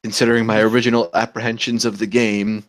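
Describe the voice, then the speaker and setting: A man hosting a casual podcast chat, telling anecdotes in an animated way, swearing casually and jumping up in pitch on punchlines. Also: fast, a little hiss or hum. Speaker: podcast host.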